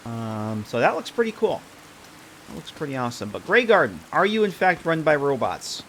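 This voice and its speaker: A man's voice: mid-range voice, very animated, normal speed, a bit bright, a little hiss or hum. A man streaming a game live, chatting casually with viewers and joking with characters as he plays.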